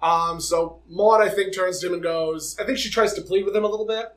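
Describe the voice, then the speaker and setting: A young adult man co-hosting a podcast, telling a personal story in a dramatic, animated way in casual chat. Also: high voice, a little fast, low-quality recording. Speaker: podcast co-host.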